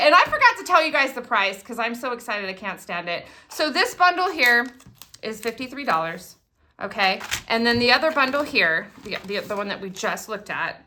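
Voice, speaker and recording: A chatty woman in middle age gushes over each new craft item she unboxes, thrilled and talkative. Her voice is a little higher than most and sharply bright. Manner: gushing, excitable, chatty. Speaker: craft product demonstrator. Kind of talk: casual unboxing chat.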